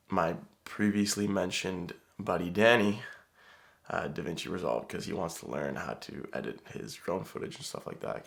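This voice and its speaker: A man's voice: low-pitched, creaky, a bit bright. A young man chatting casually in a vlog, laid-back and laughing, with casual swearing. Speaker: vlogger.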